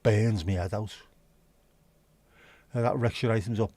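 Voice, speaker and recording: A man's voice: fairly low pitch, measured pace, dark tone, no room sound. A man hosting a casual livestream, rambling chattily with sweary asides. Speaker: livestream host. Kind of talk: casual solo livestream chat. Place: home.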